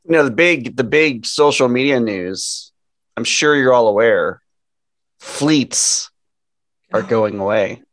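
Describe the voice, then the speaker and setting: A man's voice: medium pitch, animated, slow, a bit bright. A man co-hosting a casual podcast, joking around and restarting his sentences, laughing as he goes. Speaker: podcast co-host. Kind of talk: casual chat.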